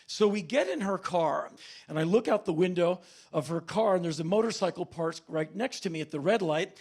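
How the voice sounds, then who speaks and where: A man in his fifties telling a stand-up story on stage, with a deadpan, politely mock-formal delivery. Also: sits high, normal speed. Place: stage before a laughing audience.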